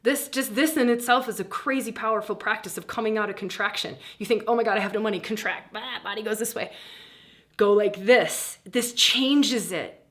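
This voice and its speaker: A middle-aged woman teaching a guided spiritual practice in a breezy, animated way, laughing often and acting out inner voices. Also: mid-range voice, normal speed.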